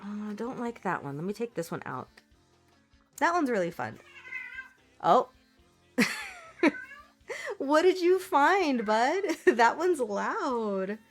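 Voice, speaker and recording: A woman's voice: fairly high pitch, huge pitch swings, slow pace, pauses often, faint music behind. Chatty, laughing woman streamer. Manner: chatty, laughs often, talks to her cat. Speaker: artist streamer. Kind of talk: casual livestream chat. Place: home.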